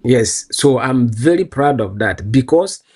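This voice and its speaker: A man's voice: mid-range voice, expressive, unhurried, a little mellow, slightly rough. A man from Nigeria with a Nigerian accent, answering interview questions in an earnest, proud way and laughing easily. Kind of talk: casual street interview.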